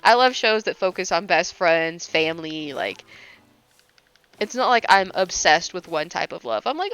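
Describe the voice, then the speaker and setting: A young woman streamer talks casually as she plays, gushing and teasing herself, with a lively, swooping voice. Her tone is bright and crisp, and it sounds dry and close. She laughs often and swears lightly. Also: lowish voice, moderate pace, no room sound. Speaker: livestreamer. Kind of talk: casual chat while gaming.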